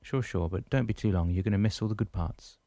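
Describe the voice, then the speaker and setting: Blunt old Aussie bloke read by a man, low dark voice, dry audiobook sound. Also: quick pace, no echo, close to an everyday voice. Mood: gruff. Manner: blunt, slangy banter.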